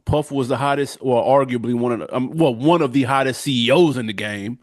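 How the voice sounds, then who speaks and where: A man with a mid-pitched voice co-hosts a casual podcast chat. He is animated and opinionated and pushes each point home. The sound is dry and close. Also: brisk, dry recording. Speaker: podcast co-host.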